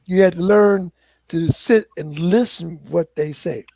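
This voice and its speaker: An older man from Philadelphia, a guest musician telling animated stories in casual conversation. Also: high voice, a little slow, gravelly, no echo. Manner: animated, acts out quoted voices. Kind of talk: casual storytelling.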